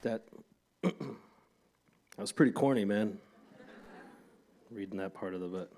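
A male host with a lowish voice runs a relaxed interview. He keeps it loose and jokey, laughing often and swearing casually. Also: unhurried. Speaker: podcast host.

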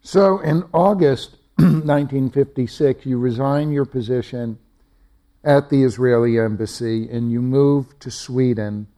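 Mellow-voiced male interviewer. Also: mid-range voice, unhurried. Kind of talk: interview questions.

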